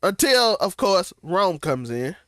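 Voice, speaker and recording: A man's voice: sits high, sing-song, slow pace, a bit bright, no echo, clean studio sound. Rambling man in a recap chat. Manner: loose, rambling, Southern slang and restarts. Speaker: co-host of a TV recap show.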